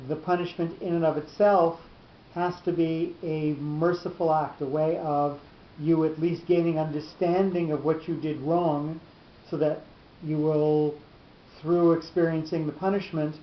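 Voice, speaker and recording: A man teaching a Torah class in a deliberate, halting explanatory lecture, often restarting his phrases. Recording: roomy, dull lo-fi recording with faint rumble.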